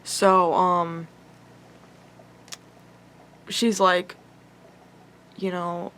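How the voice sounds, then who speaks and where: A woman's voice: fairly low pitch, little pitch movement, very slow, a bit bright. Young woman rambling through an upsetting story. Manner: rambling, heavy use of "like" and swearing; emotional, upset retelling. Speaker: vlogger. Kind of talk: casual storytelling.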